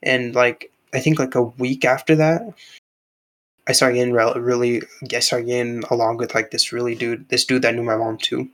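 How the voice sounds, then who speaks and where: A man's voice: mid-range voice, flat delivery, moderate pace, a bit bright, rough recording. Young man rambling, full of filler words. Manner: rambling, filler-heavy storytelling, says bro a lot. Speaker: podcast co-host. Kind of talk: casual chat. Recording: laggy online call.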